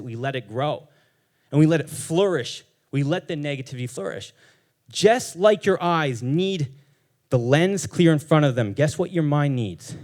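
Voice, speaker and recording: A man's voice: medium pitch, a little mellow. A young man giving a profane, emphatic motivational talk on stage, firing rhetorical questions at the audience. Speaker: speaker at a live storytelling event.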